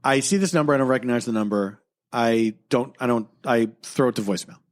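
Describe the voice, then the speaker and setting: A man co-hosting a podcast, telling a story in a casual chat. His telling is animated, swinging from low mutters to near-shouting. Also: fast talker. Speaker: podcast co-host.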